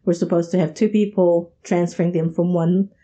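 A woman who is a podcast guest, chatting casually and soft-spoken, with many short agreeing replies. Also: fairly low pitch, flat delivery, normal speed, dull audio. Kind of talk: casual chat.

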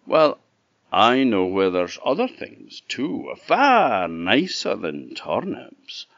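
A sly big bad wolf with an Orkney Scottish accent, as a man voices him in a storybook tale, sweet-talking in a low, unhurried, coaxing voice. The sound is dull and dry. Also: wildly swooping pitch, vocal fry, fairly bright tone, no room sound, full character voice.

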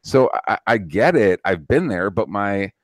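A man's voice: lowish voice, lively intonation, unhurried, no room sound. A man in his thirties hosting a podcast, talking in a profane, rambling way with many restarts. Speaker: podcast host. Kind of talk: casual political chat.

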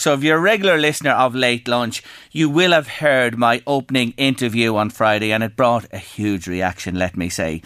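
Earnest Irish radio host, dry studio sound. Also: male voice, medium pitch, clean tone, no echo. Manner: gentle, earnest, emotional. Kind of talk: radio talk show.

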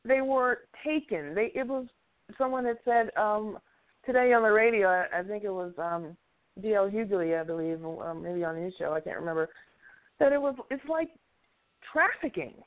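A blunt, opinionated woman talks in casual chat, chuckling now and then as she makes her points. Her voice sits at a middling pitch for a woman. It comes through thin and tinny, as if over a phone line. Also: moderate pace. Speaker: show regular giving opinions.

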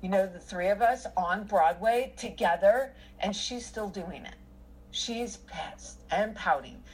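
A woman's voice: medium pitch, expressive, a little slow, husky, rough recording. A middle-aged woman telling a personal story in casual conversation, rambling with many fillers and restarts.

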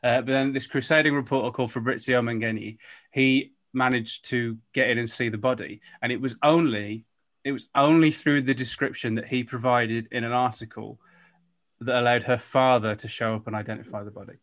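A man hosts a podcast and talks through a story in a relaxed, chatty way. He hesitates often and restarts his sentences. His voice sits in a middle pitch. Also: fairly quick. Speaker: podcast host telling the case. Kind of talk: casual storytelling chat.

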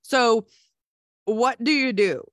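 As a guest, a middle-aged nurse tells her story candidly, emotional and rambling, with many restarts. Her slightly high voice moves slowly, captured in studio quality with no room sound.

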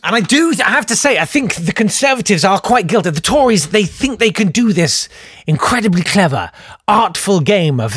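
A man's voice: sits high, big pitch swings, normal speed, husky, no echo, clean studio sound. Sarcastic man doing satirical comedy. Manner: sarcastic, mock-indignant, bursts into shouting riffs. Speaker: comedian host.

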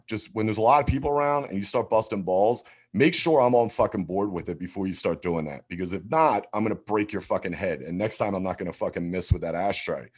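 Profane storytelling man, lowish voice. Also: breathy edge. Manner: animated, swears constantly, acts out quotes.

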